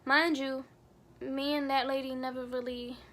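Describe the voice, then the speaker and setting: Young adult woman, storytime vlogger; high, level delivery, earnest and somber. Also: little pitch movement, moderate pace, a bit bright, a little hiss or hum. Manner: earnest, somber retelling with many fillers. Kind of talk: storytime narration.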